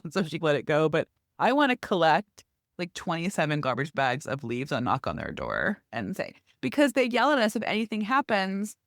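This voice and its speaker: A middle-aged woman co-hosting a podcast, telling a long story in a lively, chatty way. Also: lowish voice, moderate pace, no echo, studio quality. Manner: lively storytelling, acts out quoted neighbors. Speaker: podcast co-host. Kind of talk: casual chat.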